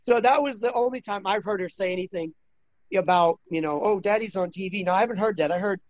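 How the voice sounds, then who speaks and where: A man in his thirties talking casually as an interview guest, rambling with many restarts and getting animated when he quotes others. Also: sits high, fast talker, highs cut off.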